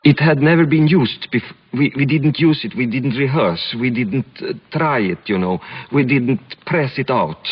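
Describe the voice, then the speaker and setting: A man from Sweden, a film director being interviewed, speaking English with a Swedish accent and pausing often to find his words. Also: mid-range voice, slightly rough. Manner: halting, searching for English words. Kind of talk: reflective interview storytelling. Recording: dull lo-fi archival recording.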